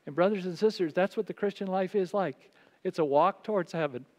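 High-voiced pastor preaching in a reverberant hall. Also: male voice, brisk. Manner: storytelling, drops to soft quiet voice for quoted words. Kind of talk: sermon. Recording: long reverb of a large hall.

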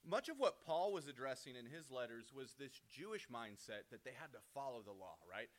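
In a brisk, sing-song delivery at medium pitch, a man offers a laid-back Bible teaching. He checks in with listeners by saying "right?" and frequently starts over, doubling up on words.

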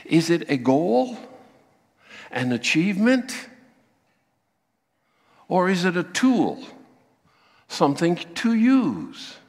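A man preaching a sermon, acting out the voices he quotes with lively emphasis. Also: sits high, long reverb tail. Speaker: pastor.

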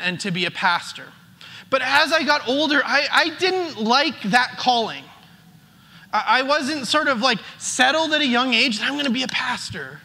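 A man's voice: very high-pitched, pushed and bright. A male pastor giving a conversational sermon, often repeating words as he starts a phrase. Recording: long hall reverb.

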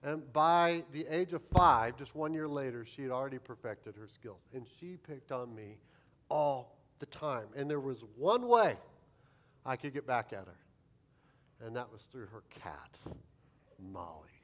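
A man's voice: medium pitch, animated, unhurried, fairly bright tone. A man preaching as a pastor, telling a humorous, self-deprecating childhood story in a sermon.

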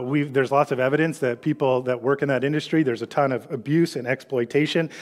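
A middle-aged man giving a conversational sermon as pastor, with frequent fillers and repeated words. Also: mid-range voice.

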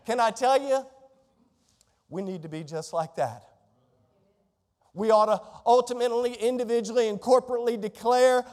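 Guy preaching in church, really high voice, gets loud and emphatic, long echo. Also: moderate pace. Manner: rising to emphatic, near-shouted declarations. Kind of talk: sermon. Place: church sanctuary.

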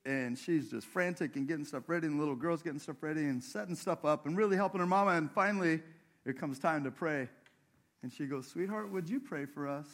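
A man's voice: fairly high pitch, fast. A male pastor preaching a sermon in a church, talking conversationally and asking the congregation questions.

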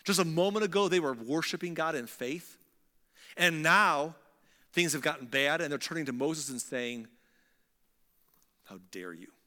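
A man delivers a sermon, retelling a scripture story in a lively, chatty manner. His voice sits a bit high for a man, with a long echo from a large hall. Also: normal speed. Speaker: preacher.

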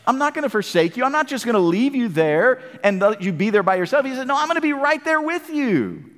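A man delivers a sermon in a high, lively voice that leaps and falls. He moves from booming calls to hushed lines. The sound rings with a long hall reverb. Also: a little fast. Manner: animated, swings from booming to hushed. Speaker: preacher.

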